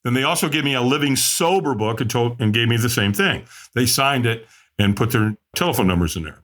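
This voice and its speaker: A middle-aged man recounting his past on a podcast, bright and forceful in tone. He tells it candidly and with plenty of life, jumping up in pitch whenever he acts out what someone said. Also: brisk. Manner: animated, acts out quoted voices with big pitch jumps. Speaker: podcast guest. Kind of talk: candid storytelling.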